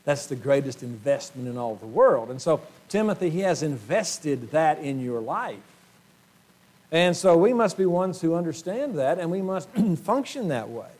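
Earnest preacher man, higher voice. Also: big pitch swings, normal speed, darkish tone. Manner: earnest, frequent throat-clearing, rhetorical questions. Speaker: pastor. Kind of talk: sermon. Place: church sanctuary.

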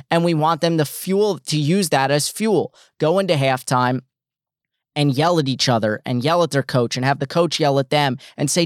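A man hosting a sports talk show, slightly high-pitched, with a smooth, clear voice. He argues bluntly and emphatically, repeating his points. The sound is dry and close. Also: no room sound. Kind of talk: opinionated sports commentary.

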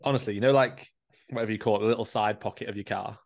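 A man's voice: fairly low pitch, steady tone, rapid-fire, creaky. A young man telling stories in a casual chat. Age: young adult. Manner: chatty, storytelling with swearing and laughs.

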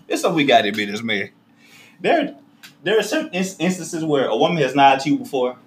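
Animated man co-hosting a podcast. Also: a little fast. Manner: laughing, swings between loud and low. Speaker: podcast co-host. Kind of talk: casual chat. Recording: echoey room with faint noise.

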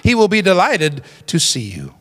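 A man's voice: very high-pitched, wildly swooping pitch, unhurried, gravelly, a bit bright, in a large hall, full character voice. A man voicing God as a sarcastic, annoyed figure in a sermon retelling. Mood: sarcastic, exasperated. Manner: mock-cheerful, sarcastic.

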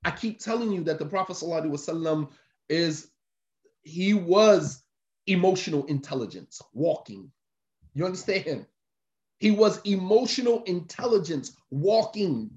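A slightly high, expressive male voice with a darkish tone speaks at normal speed, belonging to a religious teacher giving a casual sermon. He repeats himself emphatically, preaching in a conversational manner, and the lo-fi recording is roomy and dull.

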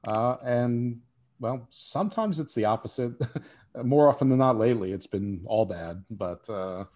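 A man guesting on a wrestling podcast, giving animated, opinionated takes and often repeating words as he starts a thought. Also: medium pitch, unhurried. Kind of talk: casual wrestling opinion chat.

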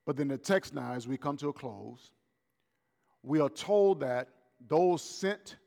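A man preaching a sermon as pastor, swinging between loud raised lines and soft, slow emphatic words. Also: mid-range voice, gravelly, in a large hall. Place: church hall.

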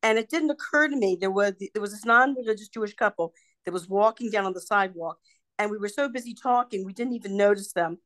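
Over a video call, an older woman who is the host's mother and a podcast guest tells stories quickly in a mid-range voice, recorded dry. She's an animated storyteller, acting out the voices of those she quotes.

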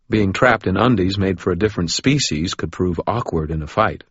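A man's voice: low-pitched, breathy edge, no echo, muffled recording. A man narrating a first-person audiobook with a wry, hard-boiled delivery.

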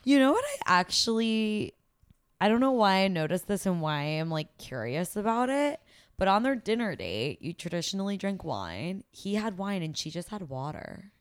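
A young woman co-hosting a casual podcast chat, animated and acting out what people said. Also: mid-range voice, moderate pace, smooth, no echo, studio quality. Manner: animated, acts out quotes, frequent laughs. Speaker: podcast co-host. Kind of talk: casual chat about a reality show.

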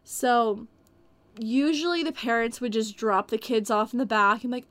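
A woman with a fairly high voice tells long stories from her retail jobs in a loose, rambling way, full of "like" and "dude". The sound is dry and close. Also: moderate pace, fairly bright tone, no room sound. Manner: rambling storyteller, heavy on like and dude. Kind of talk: casual podcast chat.

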